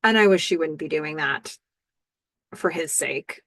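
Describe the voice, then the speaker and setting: A woman's voice: low voice, unhurried, no room sound. Middle-aged woman host, enthusiastic recapper, dry close sound. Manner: animated, enthusiastic. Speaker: podcast host. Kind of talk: TV episode recap.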